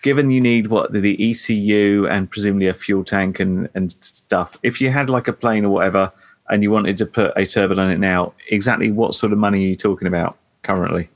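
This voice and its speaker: A man's voice: on the low side, steady tone, a little fast. A man in a casual hobby chat, thinking aloud as he sets up a question.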